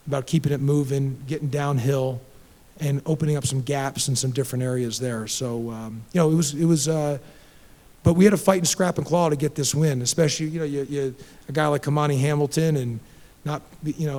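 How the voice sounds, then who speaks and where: At a post-game press conference, a middle-aged basketball head coach answers questions directly and animatedly, often restarting and repeating words. His voice is mid-range, and the recording has a long reverb tail.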